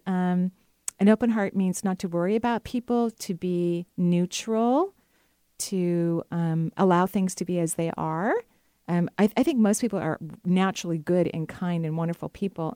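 A woman's voice: fairly low pitch, no room sound, clean studio sound. A woman hosting an advice show, talking casually to callers and laughing often. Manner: warm, chatty, laughs often. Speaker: intuitive advice show host.

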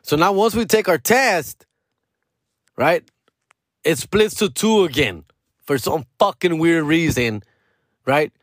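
A man's voice: a little high, slow, pauses often, no room sound, studio quality. A young man with a Chicano English accent, telling a rambling story in a casual rant full of slang and swearing, switching into Spanish now and then. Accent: Chicano English with Spanish mixed in. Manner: profane, slangy, animated storytelling.

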